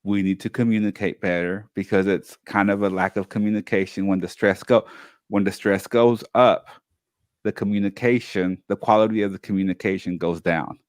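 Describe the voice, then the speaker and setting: A man co-hosting a talk show, telling a personal story in a casual, animated way and acting out the family members he quotes. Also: lowish voice, moderate pace, no room sound, studio quality. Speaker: co-host.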